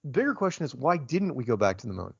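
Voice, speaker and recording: A man, a guest in a casual interview, talking in an animated, rambling way and getting worked up. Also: mid-range voice, fast, creaky, slightly rough, no room sound. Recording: dull lo-fi, dry sound.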